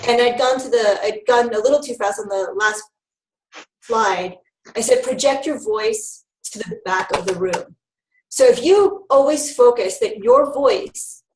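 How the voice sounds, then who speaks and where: A woman health educator giving a lively, fast-talking training talk on public speaking, with frequent fillers. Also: a little high. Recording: roomy, mic at a distance.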